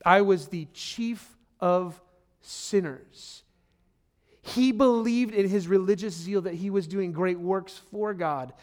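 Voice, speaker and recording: A pastor with a high, darkish voice preaches slowly. His sermon is earnest and emphatic, repeating key phrases and addressing listeners directly as "friend."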